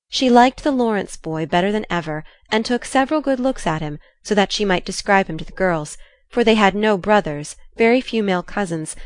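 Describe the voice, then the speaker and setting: A woman narrates a classic novel with an expressive, storytelling delivery. Her voice sits on the lower side and is recorded close and dry, with no room sound. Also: no echo. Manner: expressive, lively dialogue delivery. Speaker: audiobook narrator. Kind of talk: scripted narration with character voices.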